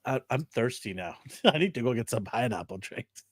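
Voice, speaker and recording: Male co-host, animated pitch, close dry sound, jokey banter. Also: no room sound. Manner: playful, teasing, quick jokes. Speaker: co-host reading viewer comments. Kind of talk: casual chat.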